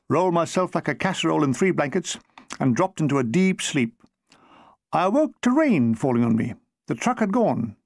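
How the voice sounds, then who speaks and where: A man reads his own comic war memoir with a dry, deadpan delivery. His voice sits fairly high for a man. The sound is close and dry, with no room echo. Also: creaky. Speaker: author reading his memoir.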